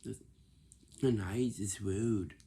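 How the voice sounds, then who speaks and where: A young man's fairly low, gravelly, mellow voice delivers casual advice in broken phrases that he often restarts, sometimes sinking to a whisper.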